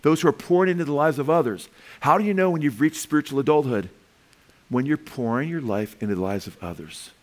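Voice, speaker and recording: A man's voice: on the high side, quick pace. Preaching man calling out "Amen?". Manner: lively preaching with humor, calls of "Amen?". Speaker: pastor. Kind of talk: sermon.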